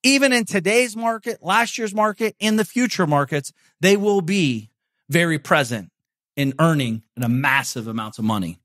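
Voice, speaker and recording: A man's voice: a little high, animated, normal speed, a bit bright, no echo, studio quality. A man hosting his own podcast, talking in a brash, profane, salesy pep-talk monologue. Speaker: podcast host. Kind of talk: casual motivational monologue.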